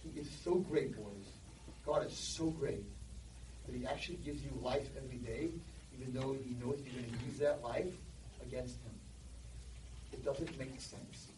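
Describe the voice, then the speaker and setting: A man giving an animated sermon to boys, telling stories, recorded in an echoey hall from a distance. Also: medium pitch, normal speed, a little hiss or hum. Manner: animated, storytelling. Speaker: speaker addressing boys.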